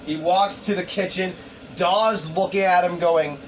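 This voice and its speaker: A man narrating a story pitch in a rambling, profane, casual way with lots of fillers. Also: fairly even intonation, measured pace. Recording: distant mic, background noise.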